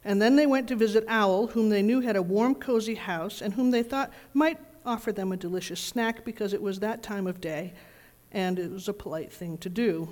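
A woman leading a children's message in church, reading a storybook aloud in a gentle, expressive way. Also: mid-range voice, moderate pace. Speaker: pastor giving a children's message. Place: church sanctuary. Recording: reverberant church hall.

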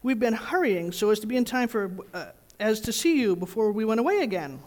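A woman voicing a simple, gentle male teddy bear who speaks humbly and hesitantly in a storybook reading. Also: fairly high pitch, expressive, a little fast, lightly acted. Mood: humble. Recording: reverberant church hall.

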